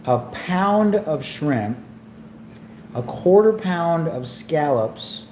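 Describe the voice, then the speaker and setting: A man hosting a casual cooking and eating livestream at home, talking in a relaxed, rambling way and getting excited about the food. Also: a little high, extremely slow, slight background noise. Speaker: livestream host. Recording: echoey room with faint ambience.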